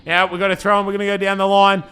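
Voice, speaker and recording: A man's voice: high-pitched, very fast, clean tone. A man with an Australian accent giving casual, bantering play-by-play commentary over his own team's match footage. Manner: laid-back banter, says "man" a lot, excitable on attacks.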